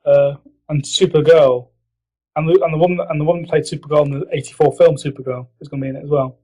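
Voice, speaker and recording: Talking fast in a steady, dark-toned voice, the podcast host rambles through a casual chat. He giggles, swears and slips into mock impressions, all captured on low-quality audio.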